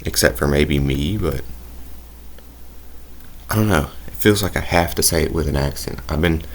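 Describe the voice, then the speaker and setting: Young man, extremely low voice, rambling gameplay commentary, hesitant, self-deprecating. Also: moderate pace. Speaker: gaming YouTuber.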